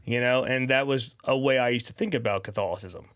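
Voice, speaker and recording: A man's voice: medium pitch, fairly quick, fairly bright tone, clear, resonant tone, no echo. A man speaks as a podcast guest, recounting his story in a loose, conversational way. He leans on "you know" and "like" as he goes. His mid-range voice sounds close and dry in the studio. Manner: rambling, peppered with "you know" and "like".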